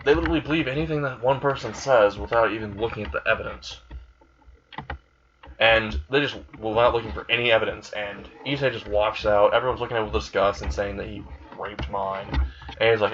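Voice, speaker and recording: A man's voice: lowish voice, steady tone, brisk, a bit bright. Man casually retelling a crude fan story. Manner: rambling, crude, laughs at his own plot. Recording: slightly dull recording with faint hiss.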